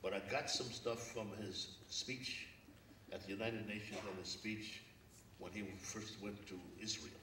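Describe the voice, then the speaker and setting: A man's voice: on the low side, fairly even intonation, measured pace, noisy background. An older man from Brooklyn, a guest speaker telling stories at a public forum, earnest and reflective. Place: lecture hall. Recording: echoey hall from far off.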